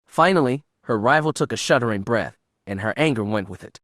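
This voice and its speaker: A man narrating an unabridged science-fiction audiobook in a steady, measured way. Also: medium pitch, no room sound, studio quality. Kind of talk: scripted narration.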